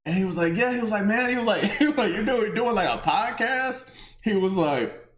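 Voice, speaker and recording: A man's voice: sits high, lively intonation, fairly quick, over a noisy crowd. A Texan man hosting a podcast, telling a story in casual slang and laughing a lot. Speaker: podcast host. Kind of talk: casual chat. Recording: roomy echo.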